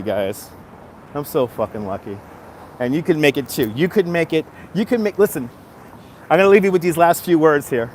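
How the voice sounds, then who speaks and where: Live-streaming casually on a city street, a positive man welcomes viewers by name and urges them on. His voice is a little high with a darkish tone, and the recording carries a faint hiss or hum.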